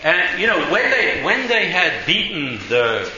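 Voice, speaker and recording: A man's voice: high-pitched, sing-song, a little slow, bright, forceful tone, dull audio, slight background noise. Chatty man preaching in an echoey room. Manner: chatty, full of "you know", acts out voices in the story. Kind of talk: sermon with storytelling.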